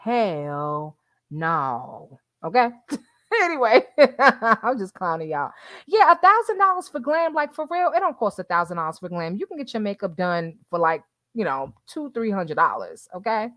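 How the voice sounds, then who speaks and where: A woman's voice: medium pitch, sing-song, normal speed, a bit bright, no room sound. A woman hosting a casual livestream who chats with her viewers, calls them y'all and laughs often. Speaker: livestream host reading the chat.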